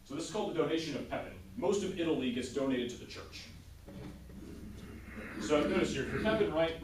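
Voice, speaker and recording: A man's voice: on the high side, lively intonation, a little fast, distant mic, a little hiss or hum. A man teaches a history class in a loose, conversational way and keeps checking in with his listeners. He sounds roomy and a little off-mic, as though the recorder sits across the classroom. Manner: conversational, checks in with "right?" often.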